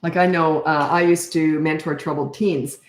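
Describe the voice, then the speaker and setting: A woman's voice: sits low, steady tone, normal speed, echoey room. An older woman, a parenting coach, answering viewer questions in a frank, chatty live Q&A and thinking aloud as she goes.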